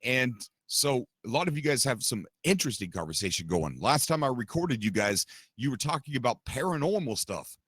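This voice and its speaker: Animated man hosting a gaming stream. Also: mid-range voice, brisk, slightly rough, no echo, studio quality. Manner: animated, rambling, talks straight to viewers. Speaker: podcast host and streamer. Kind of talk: casual livestream chat.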